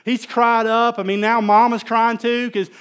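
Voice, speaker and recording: A middle-aged man preaching a conversational sermon as pastor, telling stories animatedly and swinging between loud emphasis and quiet asides. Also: very high voice, little pitch movement, moderate pace, clear, resonant tone.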